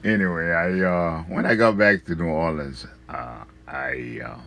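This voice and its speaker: Very deep, gravelly man telling stories. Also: unhurried, pushed and bright. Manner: profane, laughs often, trails off with fillers. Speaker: storyteller. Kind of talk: casual rambling storytelling.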